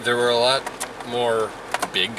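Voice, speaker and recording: A man's voice: mid-range voice, level tone, a little slow. A tired man giving short, dry replies in a casual chat. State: tired, yawning. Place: car and outdoors. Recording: distant voice with street noise.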